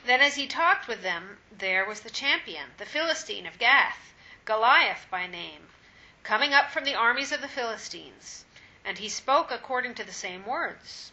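A woman reading scripture aloud in a steady, measured way during a Bible study. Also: fairly high pitch, muffled recording. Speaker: scripture reader.

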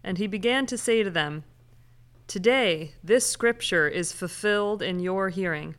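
A woman reading Bible passages aloud in a steady, measured way during a study session. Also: medium pitch, clear, resonant tone. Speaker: scripture reader.

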